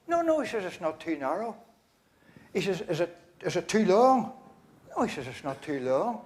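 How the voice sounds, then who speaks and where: The master of ceremonies, an older man with a Northern Irish accent, has a high, sing-song voice with a darkish tone at a normal speed. He tells jokes over a stage microphone at a concert in a large church, chuckling and rambling through fillers and restarts.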